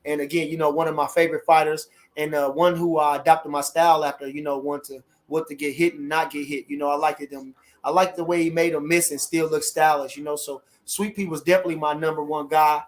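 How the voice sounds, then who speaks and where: A middle-aged man hosting a casual livestream, animated and repeating catchphrases as he chats. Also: fairly high pitch, fast, hardly any pauses. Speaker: livestream host.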